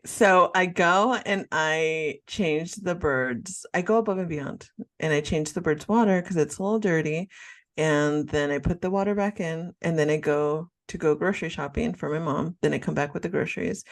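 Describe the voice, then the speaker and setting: A woman co-hosting a chatty podcast tells her story with dramatic flair. Her voice sits on the low side, and she leans into every twist of the tale. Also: normal speed. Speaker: podcast co-host. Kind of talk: casual chat, storytelling.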